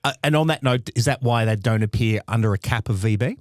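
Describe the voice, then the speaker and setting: A man, co-hosting a comedy podcast with playful, quick banter. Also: mid-range voice, no echo, studio quality. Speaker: podcast co-host. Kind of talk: casual podcast chat.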